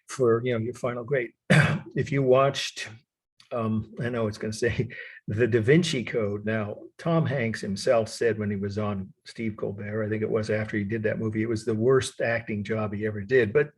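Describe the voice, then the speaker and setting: An older male instructor lectures in a low, gravelly voice with a husky edge. He drifts into asides and chuckles along the way, keeping a loose classroom tone. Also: fairly even intonation, moderate pace. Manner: rambling, digressive, chuckles often. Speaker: art history instructor. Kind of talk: recorded college lecture.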